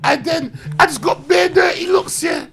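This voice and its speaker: A man, telling loud, slang-heavy, swearing stories as a podcast guest. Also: very high-pitched, normal speed, vocal fry, soft background music. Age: 30s. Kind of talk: animated anecdote telling.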